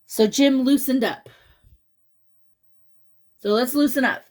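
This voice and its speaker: A woman's voice: high voice, slow, a little mellow. A woman reading a picture book aloud to children, chatting and asking them questions along the way. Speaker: children's story reader.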